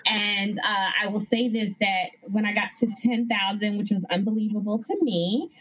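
A middle-aged woman from the Bronx, a guest telling rambling, animated stories in a casual interview. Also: medium pitch, normal speed, low-quality recording. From the Bronx, New York. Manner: animated, rambling storyteller with frequent laughs.

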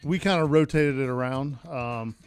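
A man's voice: medium pitch, normal speed, faint music behind. A man who works as a team equipment manager, chatting casually and easily as a guest. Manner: relaxed, chatty, with laughs. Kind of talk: casual interview chat.

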